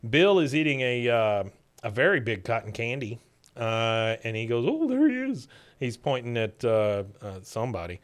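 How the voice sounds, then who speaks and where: Speaking at a normal pace in a smooth, mid-range voice, a podcast host recaps a cartoon episode scene by scene in casual conversation. Every so often he imitates the characters' lines.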